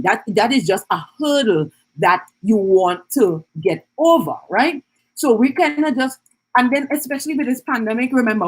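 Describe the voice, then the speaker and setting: A woman's voice: a little high, breathy edge. A woman hosting a live stream. She teaches in a chatty way, greets viewers and keeps checking in with "right?". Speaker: business coach hosting an Instagram live.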